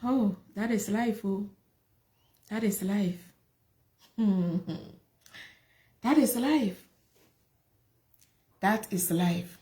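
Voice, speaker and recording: In a warm, mid-range voice, a woman shares her personal life story as a testimony. She is emotional and repetitive, asking many rhetorical questions.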